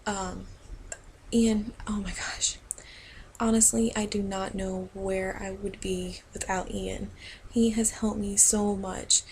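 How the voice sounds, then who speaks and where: A young woman speaks casually and softly to her viewers, wandering through her thoughts with frequent ums. Her voice has a gravelly fry and stays flat in pitch. A faint hiss sits under the recording. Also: slow, poor audio. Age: young adult. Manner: rambling, many ums and restarts, soft. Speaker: vlogger and new mother. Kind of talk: casual talk to camera.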